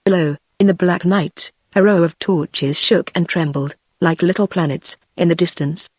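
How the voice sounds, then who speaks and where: A text-to-speech voice of a woman with a British accent, narrating an audiobook in an even, measured way. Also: fairly low pitch, breathy edge, no echo, studio quality. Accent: British English. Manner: even, measured synthetic delivery.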